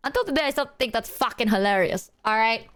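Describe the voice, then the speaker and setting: A woman's voice: a little high, fast talker, fairly bright tone. A young woman streaming as a VTuber, chatting casually with viewers in a rambling, slangy, self-mocking way and laughing often.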